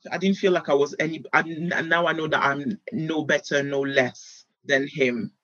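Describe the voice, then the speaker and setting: A woman's voice: low-pitched, normal speed, no room sound. A young adult woman from Europe, a podcast guest, candidly telling dating stories and animatedly acting out old conversations. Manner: animated, acts out past conversations, laughs often. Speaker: anonymous guest. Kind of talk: candid personal storytelling. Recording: dull lo-fi sound.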